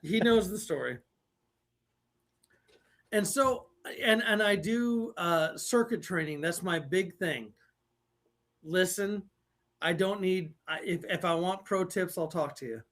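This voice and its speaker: A man with a notably high voice trades crude jokes with his co-host on a live show. He laughs between his lines and keeps the banter casual. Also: slow, pauses often, a bit bright. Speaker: podcast co-host.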